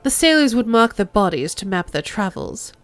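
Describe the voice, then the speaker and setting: A woman voicing a poised, unperturbed middle-aged negotiator who speaks in a measured, formal way. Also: mid-range voice, sing-song, soft background music, close to an everyday voice. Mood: explanatory.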